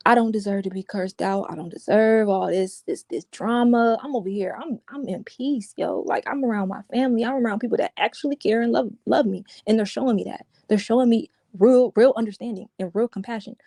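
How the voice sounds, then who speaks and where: As an interview guest, a woman gives an emotional personal account in a fairly high, fairly quick, creaky voice with a dark tone. She talks casually, repeats herself, restarts often and says "yo." The recording is dry and studio quality.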